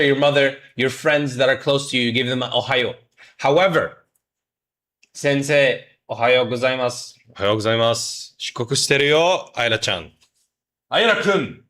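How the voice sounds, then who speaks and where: A man's voice: mid-range voice, fairly bright tone. A man teaching Japanese greetings on a livestream, joking around, mock-scolding chat and drilling pronunciation. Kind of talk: playful livestream lesson.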